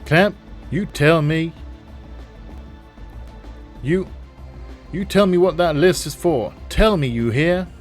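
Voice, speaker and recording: A man voicing a hot-headed male police officer, shouting his demands. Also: on the high side, drawn-out words, pauses often, faint music behind, pitched above the performer's own voice. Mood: furious. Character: hot-headed male cop, furious and protective.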